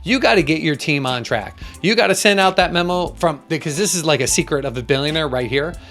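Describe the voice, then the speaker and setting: A man giving a motivational business talk as a coach, emphatic and acting out little dialogues with sudden jumps in pitch. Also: lively intonation, brisk, a bit bright, soft background music.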